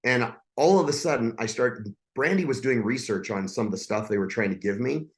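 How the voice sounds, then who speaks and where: A man's voice: medium pitch, brisk. A man in his forties, a podcast guest, telling a personal story in a blunt, intense and profane way.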